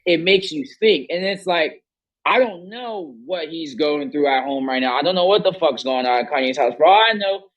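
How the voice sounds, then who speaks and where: A young man riffs at length on a casual podcast, stacking slang and cursing as he circles his point. His voice sits a little high. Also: expressive, normal speed, muffled recording. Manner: rambling, emphatic, heavy slang and profanity. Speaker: podcast host. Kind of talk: casual chat.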